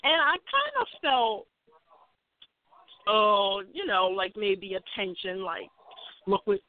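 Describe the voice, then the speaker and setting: A woman's voice: medium pitch, big pitch swings, slow. A woman, an educator and co-host, talking in a reflective way with many fillers. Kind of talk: casual chat. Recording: tinny phone-line sound.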